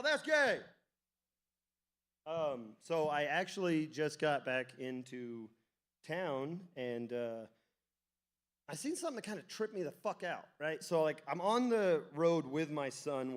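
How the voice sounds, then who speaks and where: High-voiced man doing crude stand-up. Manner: crude, rambling storytelling with frequent laughs and swearing. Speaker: stand-up comic. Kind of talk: stand-up comedy set. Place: comedy club stage.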